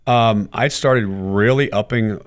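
A middle-aged man giving a candid interview, telling his stories with animated quoted dialogue and frequent cursing. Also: on the low side, slow pace. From United States. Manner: animated storyteller, curses freely, acts out quotes. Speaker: guest, former baseball player.

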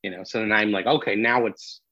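A man, a comedian, telling a story in casual podcast chat, animated and full of restarts. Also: fairly low pitch, fairly quick, no room sound. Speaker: comedian guest. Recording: dull lo-fi dry sound.

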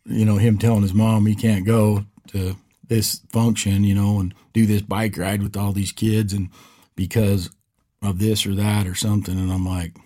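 Man, podcast co-host, husky, mellow, low voice, lively storytelling with acted-out quotes. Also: normal speed. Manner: animated storyteller, acts out quotes. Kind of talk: casual storytelling chat.

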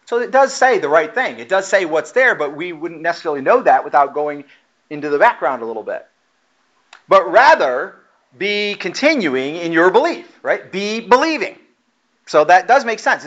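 Pastor guy preaching, pretty high voice, dull muffled church recording. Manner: builds from quiet teaching to loud urgent preaching. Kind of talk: sermon.

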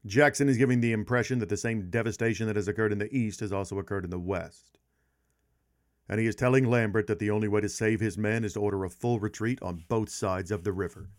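A man hosting a history podcast, telling a battle story with emphatic pauses and slowed-down stress on key points. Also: fairly low pitch.

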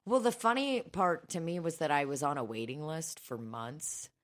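A woman with a low voice talks very quickly in a relaxed, joking chat, laughing often and swearing casually. She co-hosts the conversation, trading quick banter with her partner.

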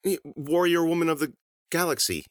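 A man's voice: a little high, moderate pace, no echo, studio quality, pitched above the performer's own voice, close to an everyday voice. A man voicing an awkward, flustered teenage boy who stammers when caught out.

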